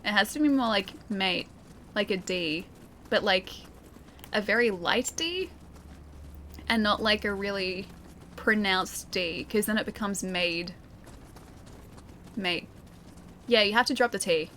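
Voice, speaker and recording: Streaming a game, a young Australian-accented woman chats, giggles and reads out messages from chat. Her medium-pitched voice has lively intonation and a pushed, bright quality at a moderate pace, with a little hiss or hum. She's chatty and self-mocking throughout.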